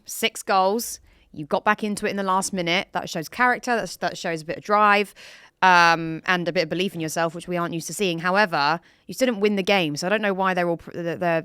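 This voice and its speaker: A woman's voice: lowish voice, fairly quick, a bit bright, clean tone, no echo, clean studio sound. A young woman hosting a casual football chat, chatty and opinionated. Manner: chatty, opinionated, often laughing and hedging. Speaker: show host.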